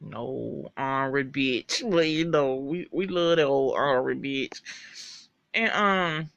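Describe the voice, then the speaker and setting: Fan recapper for a TV show: gravelly, foul-mouthed and animated, on a dull lo-fi recording. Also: mid-range voice, takes it slowly, no echo. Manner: animated, profane, chatty storytelling. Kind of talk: casual episode recap.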